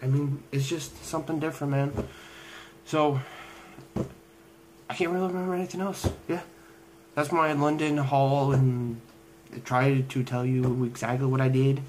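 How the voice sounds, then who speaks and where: A man's voice: medium pitch, steady tone, moderate pace, noisy background. A young man chatting casually in a travel vlog, rambling and hesitant with many fillers and restarts. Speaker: vlogger. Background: background music.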